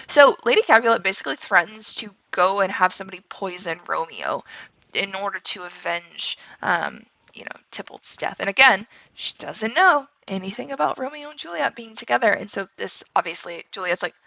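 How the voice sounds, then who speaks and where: A woman's voice: mid-range voice, lively intonation, fairly quick, vocal fry, bright, forceful tone, lo-fi sound. A woman teacher explaining a play in a casual, chatty way, checking in with her listeners as she goes. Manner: casual and chatty, with fillers like "like" and "okay". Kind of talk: literature lesson commentary.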